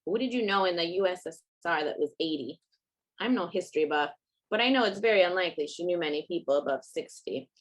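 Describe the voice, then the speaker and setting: A woman's voice: fairly low pitch, lively intonation, low-quality recording. Woman author reading her fiction. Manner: measured, first-person narrating.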